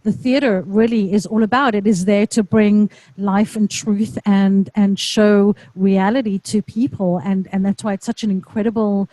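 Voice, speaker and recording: A woman's voice: medium pitch, fairly even intonation, normal speed, few pauses, warm tone, dry recording, low-quality recording. A woman hosting an interview, earnest and encouraging. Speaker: interview host. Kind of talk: casual interview.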